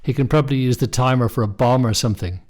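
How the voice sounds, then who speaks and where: A man's voice: medium pitch, fast, darkish tone, natural voice. A man voicing a brash, rude Cockney market stall holder who talks in cheeky, blunt sales patter, in a storybook reading.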